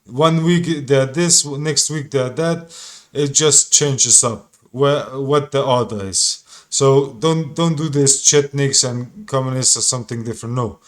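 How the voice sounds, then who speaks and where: A man's voice: medium pitch, unhurried. A man giving casual reaction commentary in an insistent, repetitive way, sometimes swearing. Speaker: reaction streamer.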